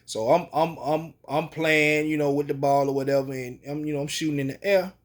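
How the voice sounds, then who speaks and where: Man, slangy colloquial storyteller, fairly high-pitched. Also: steady tone, a little fast. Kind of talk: casual spoken storytelling.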